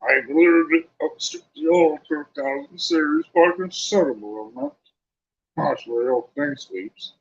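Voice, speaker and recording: Bragging schoolboy captain, man voicing; lazy delivery, lively pitch. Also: lo-fi sound. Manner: careless, slow bragging. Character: bragging older schoolboy team captain, careless.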